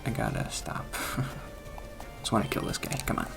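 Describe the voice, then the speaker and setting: A man's voice: normal speed, music in the background. A man talking casually over gameplay, rambling and self-deprecating, often trailing off, restarting and chuckling at himself. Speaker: gaming channel host.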